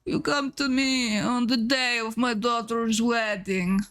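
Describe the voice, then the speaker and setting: A woman's voice: sits high, fairly even intonation, measured pace, vocal fry, a bit bright, faint music behind, voice pushed up, full character voice. A woman doing a half-hearted impression of a solemn old male mafia boss, without the accent. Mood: mock solemn.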